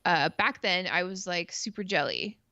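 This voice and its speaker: A woman's voice: fairly low pitch, moderate pace, bright, forceful tone, no room sound, lo-fi sound. A woman from Canada telling a long personal story in casual chat, rambling with lots of fillers and swearing freely. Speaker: stream co-host.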